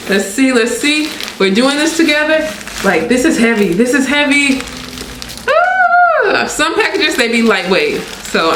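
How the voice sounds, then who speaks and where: A young woman, excitedly unboxing and reviewing a wig, repeating herself and laughing often. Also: on the high side, roomy sound, slight background noise. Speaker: beauty vlogger reviewing a wig.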